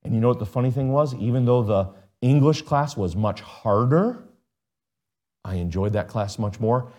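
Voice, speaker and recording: A middle-aged man preaching a sermon in an earnest, conversational way, with sudden jumps in pitch and volume. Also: expressive, moderate pace, darkish tone. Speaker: pastor.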